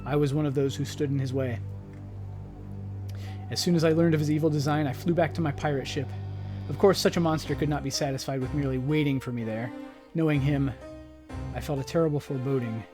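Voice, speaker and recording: A man with a fairly high voice reads a game's story text aloud for his gaming channel. He reads expressively and dramatically, then drops into casual remarks. Faint game music plays underneath. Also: steady tone, a little fast.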